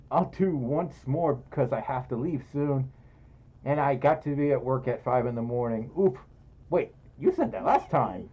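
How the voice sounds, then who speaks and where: A man's voice: on the high side, dark tone. A man hosting a casual livestream in a fursuit, reading donations aloud in a playful, giggly, self-deprecating way. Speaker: streamer. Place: indoors, in a fursuit. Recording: muffled audio.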